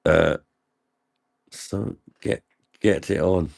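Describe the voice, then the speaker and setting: A man's voice: low-pitched, unhurried, creaky. A man drinking and joking through a casual livestream, reading comments aloud and laughing often. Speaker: livestream host.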